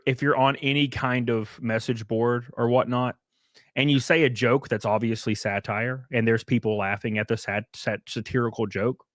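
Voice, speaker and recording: A man streaming casual commentary, rambling and animated, swearing now and then, sounding worn down. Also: medium pitch, dry recording, studio quality. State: worn down, says he can barely function. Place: home studio.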